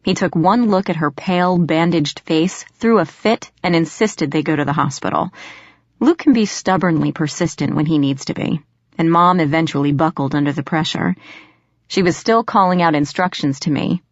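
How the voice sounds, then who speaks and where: Woman narrating an audiobook, lowish voice. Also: normal speed, no room sound, highs cut off. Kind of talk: first-person audiobook narration.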